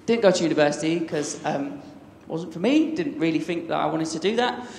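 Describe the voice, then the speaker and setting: A man in his thirties from England speaks at a conference, chatty and enthusiastic as he trips over his own restarts. His voice sits a little high for a man. It carries through a large, echoey hall with a long reverb tail and faint background noise. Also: lively intonation, brisk, a little mellow. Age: 30s. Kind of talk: conference talk.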